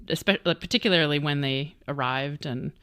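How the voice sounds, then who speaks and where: Woman co-host, giggly and punning, lowish voice, dry close recording. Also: moderate pace, a bit bright, clean tone, dry recording. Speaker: podcast co-host. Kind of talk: casual chat.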